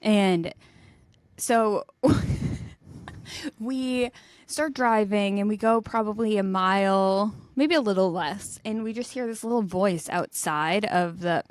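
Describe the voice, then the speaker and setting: A young adult woman co-hosting a podcast, telling stories in a lively way and laughing as she goes. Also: mid-range voice, slow, no echo. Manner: animated storyteller, laughs mid-sentence. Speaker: podcast co-host. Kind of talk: casual chat.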